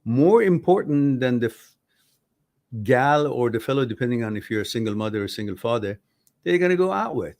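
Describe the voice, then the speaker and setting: A man's voice: medium pitch, expressive, brisk, a little mellow. Passionate, blunt man giving advice. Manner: passionate, blunt, swears when upset; acts out both sides of conversations. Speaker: advice show host. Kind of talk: livestream advice talk reading viewer comments.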